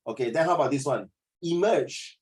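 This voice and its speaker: A man coaching a student one-on-one for an oral exam, blunt and animated, mixing in Mandarin words. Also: fairly high pitch, moderate pace. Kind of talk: one-on-one tutoring.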